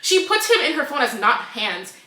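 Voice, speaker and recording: A young woman co-hosting a book podcast, retelling the plot in a lively, casual way, acting out the characters and swearing freely. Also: high-pitched, moderate pace, echoey room. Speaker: podcast co-host. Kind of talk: casual chat.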